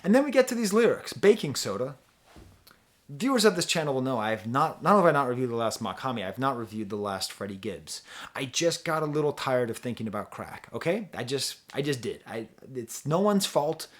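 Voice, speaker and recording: A man's voice: mid-range voice, sing-song, a little fast. A man talking casually as a music reviewer, rambling and chatty, with frequent restarts and easy laughter. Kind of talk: casual album review talk.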